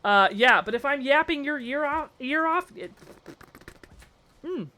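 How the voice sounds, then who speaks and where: Bright excitable young woman streamer. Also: high voice, a little slow. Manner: bubbly, slangy, excitable shouting to chat. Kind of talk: casual live-stream chat.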